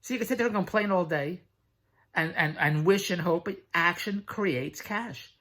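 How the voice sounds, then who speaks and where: A middle-aged man giving a blunt, pushy sales pitch straight to the camera, repeating his slogans and swearing freely. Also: normal speed, pushed and bright. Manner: blunt, pushy, repetitive hard sell with profanity. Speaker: online business promoter.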